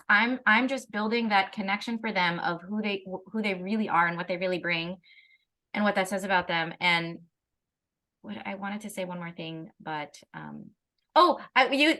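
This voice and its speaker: A woman's voice: mid-range voice, bright, forceful tone. A woman, a parenting educator, in a casual conversation, talking animatedly with frequent restarts and laughs.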